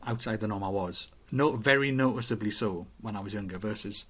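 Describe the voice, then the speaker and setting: A man's voice: lowish voice, fairly quick, a bit bright, slightly rough. A man co-hosting a podcast in casual chat, thinking aloud in a rambling, self-questioning way, full of restarts. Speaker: podcast co-host.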